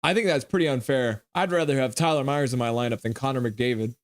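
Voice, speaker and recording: A man's voice: medium pitch, fast, no room sound. Man joking through a live game stream. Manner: jokey, teasing, reads chat messages aloud. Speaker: streamer reading live chat. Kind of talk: casual live game reaction.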